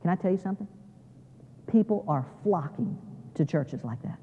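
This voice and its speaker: A guest preacher addresses seminary students in a mid-range, husky, expressive voice at a moderate pace, the phone-quality audio carrying the long reverb of a large chapel. His manner is folksy and down-to-earth with lots of small restarts. Each time his main point returns, he turns emphatic and repeats key phrases.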